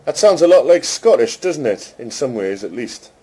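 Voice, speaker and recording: A man casually chatting with an AI assistant, amused and teasing, speaking slowly and carefully to it. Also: mid-range voice, sing-song, mellow, slightly rough. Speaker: host testing a voice chatbot. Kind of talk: casual chat with an AI.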